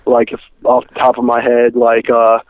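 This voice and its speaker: A man's voice: medium pitch, completely flat delivery, normal speed. Male band guest, hesitant and filler-heavy, heard down a thin phone line. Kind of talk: casual interview.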